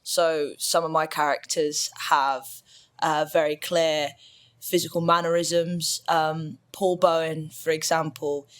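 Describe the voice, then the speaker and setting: A stage actor calmly describing themselves and their roles for an audio introduction, pausing often on fillers. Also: mid-range voice, clear, resonant tone. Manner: unhurried, with frequent fillers.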